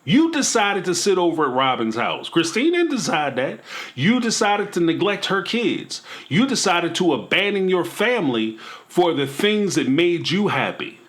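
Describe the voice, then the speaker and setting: A man's voice: high voice, very animated, moderate pace, fairly bright tone. A man hosting a commentary channel, talking emphatically and preachily in a casual vlog style, with playful asides.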